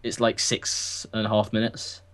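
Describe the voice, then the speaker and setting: A man's voice: fairly low pitch, completely flat delivery, measured pace, a bit bright. A teenage boy, co-hosting a casual podcast and rambling with lots of fillers. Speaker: podcast co-host. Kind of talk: casual chat.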